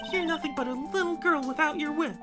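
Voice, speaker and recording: A man's voice: extremely high pitch, quick pace, music in the background, pitched above the performer's own voice. A man voicing an imperious young woman prosecutor with a put-on German accent. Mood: haughty. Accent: mock German. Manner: cold, imperious, clipped. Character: haughty young female prosecutor.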